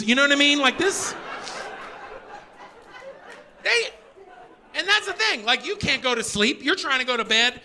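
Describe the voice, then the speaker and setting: A middle-aged male stand-up comedian, doing an energetic, profane, exasperated set on a live stage. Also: very high voice, unhurried, long pauses, some chatter behind, a little hiss or hum. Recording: live show with audience laughter.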